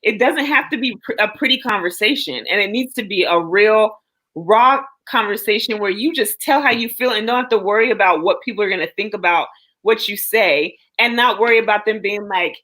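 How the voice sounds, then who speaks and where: A woman speaks in an earnest, reassuring way in a relaxed conversation, giving long stretches of heartfelt encouragement. Her voice sits at an ordinary middle pitch. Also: a little fast, poor audio. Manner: earnest, reassuring, talks at length. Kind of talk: casual supportive chat.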